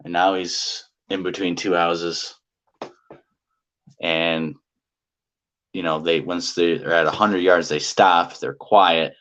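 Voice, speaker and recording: A man's voice: sits low, fairly even intonation, slow, long pauses, a bit bright. A man telling a personal encounter story in a casual, rambling way, repeating himself and using lots of fillers. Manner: rambling and repetitive, with many fillers. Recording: dull lo-fi audio.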